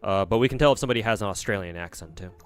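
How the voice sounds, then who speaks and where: A young American man streams casually, answering his viewers in a rambling way packed with fillers and false starts. His voice sits on the low side, smooth and rapid-fire.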